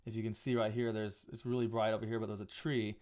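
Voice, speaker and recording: A man's voice: on the low side, level tone, fast talker, darkish tone. A man talking casually on a live stream while he edits photos, thinking aloud with frequent restarts and small asides. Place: home photo studio.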